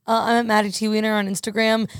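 A young woman co-hosting a podcast in excitable casual chat, swearing and laughing. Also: medium pitch, fast talker, clear, resonant tone, no echo, clean studio sound.

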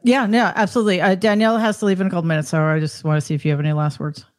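A woman hosting a podcast panel, brisk and affirming as she passes the floor to the next guest. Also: on the low side, steady tone, a little mellow. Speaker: podcast host.

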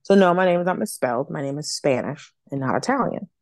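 A woman comedian telling stories on a podcast, lively and blunt, acting out other people's voices and swearing freely. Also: deep voice, fast, no echo. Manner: animated storyteller, acts out quoted voices, swears freely. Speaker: comedian guest. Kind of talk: casual podcast storytelling.

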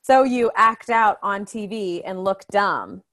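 A woman's voice: mid-range voice, slow pace, fairly bright tone. A woman co-hosting a casual podcast chat, chatty, quoting people and laughing easily. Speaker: podcast co-host.

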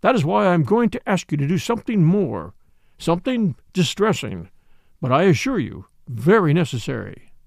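A male reader gives a full character voice to a smooth, apologetic police official who soothes and persuades with formal courtesy. The voice is gravelly, on the high side and sing-song, at normal speed, with a soothing mood. It sits close on the mic in a dry recording.

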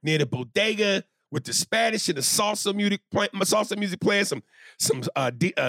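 A man co-hosting a comedy podcast, loud and animated, with a gravelly edge to his voice. His pitch swings wide as he riffs, reads listener emails and breaks into chants. The sound is dry and close, from a studio mic. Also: moderate pace, no echo. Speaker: podcast co-host. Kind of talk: crude comedic podcast banter.

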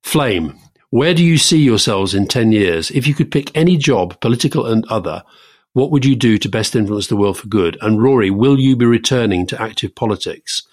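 A man co-hosting a podcast, giving measured opinions in casual political chat, with frequent stammering restarts. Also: lowish voice, expressive, dry recording, studio quality. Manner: measured, stammering restarts, quick to lift into emphasis. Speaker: podcast co-host.

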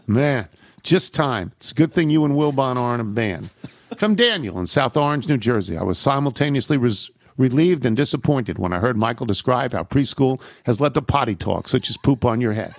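A man's voice: medium pitch, expressive, brisk, no room sound. A man hosting a radio show, reading listener emails aloud with a wry, amused delivery and the odd laugh. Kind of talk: reading listener mail aloud with dry humor.

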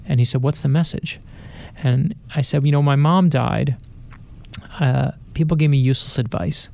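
In a dry recording, a middle-aged man, a best-selling author, tells animated personal stories during a radio studio interview and voices the people he quotes. His medium-pitched voice is creaky and darkish, at a moderate pace.

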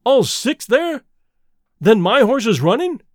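A man reading aloud as a proud, excitable colonel with a brusque manner. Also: high-pitched, normal speed, no room sound, studio quality. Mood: agitated. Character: proud, agitated older male colonel, horse owner.

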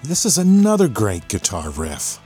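Lively enthusiastic man breaking down a song. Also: fairly low pitch, normal speed, loud music behind the voice. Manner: enthusiastic, teacherly. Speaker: host breaking down a rock song. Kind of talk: explanatory music commentary. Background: the song playing underneath.

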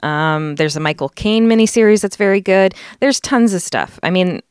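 She's a US podcast host whose mid-range voice is smooth and moderately paced, captured dry at studio quality. Her talk is casual podcast chat and research narration, peppered with fillers.

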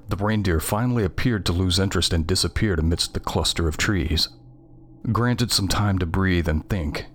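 A man reading a scripted first-person horror story in a measured, tense way. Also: low voice, a little hiss or hum. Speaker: narrator.

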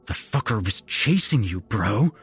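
A man voicing a crude, foul-mouthed young man with slangy, profane talk, pitched well above his usual voice. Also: sing-song, a little slow, a bit bright, faint music behind. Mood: urgent.

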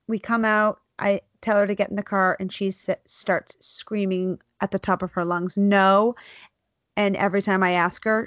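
A mother in her thirties, a podcast co-host and teacher, telling a lively story in casual chat, swearing freely and acting out what she said. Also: medium pitch, dry recording. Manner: animated storyteller, swears freely, acts out quotes.

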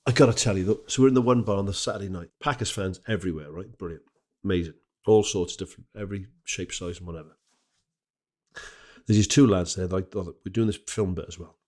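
A man's voice: low-pitched, fast talker. A man hosting a podcast, telling comic anecdotes with lots of asides. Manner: animated, rambling anecdotes with asides. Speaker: podcast host. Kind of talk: comic storytelling.

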